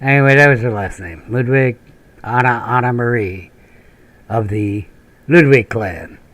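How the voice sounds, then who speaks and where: A man from northern Minnesota rambles over his gameplay, drifting from one half-remembered tale to the next. He swears casually and chuckles at his own asides, in a voice of ordinary middle pitch. The recording is dry, with no room sound around him. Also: measured pace, a bit bright, no room sound. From northern Minnesota, USA. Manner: meandering, profane storytelling with frequent laughs and tangents. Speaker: gaming channel host. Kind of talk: rambling commentary during gameplay.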